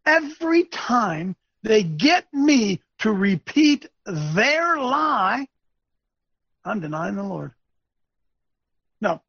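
Male webcast host, preachy ranter; raspy, gravelly delivery that lurches from shouts to mutters. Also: very high-pitched, no echo. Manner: emphatic, repetitive, swings between shouting and muttering. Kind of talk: preachy ranting commentary. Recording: dull lo-fi dry recording.

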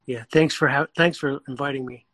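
A man who works as a coach, a guest in a casual chat, speaking earnestly and quick to agree with the host. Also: mid-range voice, fairly even intonation, fairly bright tone, no room sound.

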